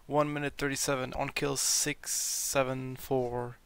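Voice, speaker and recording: A young man who is sick gives casual game commentary with a gravelly, bright, crisp voice. He reads out loot drops and curses when something surprises him. He is recorded close and dry on a home mic. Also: mid-range voice, level tone, unhurried, no echo. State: sick, sounding a bit off. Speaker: gaming video creator.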